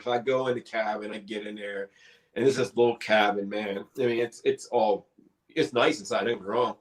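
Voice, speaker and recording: A middle-aged man, a paranormal investigator, telling a story casually in a live interview, animated and swearing freely. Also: on the low side, brisk, rough recording. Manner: animated, swears casually, acts out quoted dialogue.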